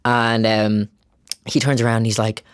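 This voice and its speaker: Chatty podcast host. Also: male voice, lowish voice, moderate pace, smooth, no room sound, clean studio sound. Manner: chatty, animated storytelling with laughs. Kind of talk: casual chat.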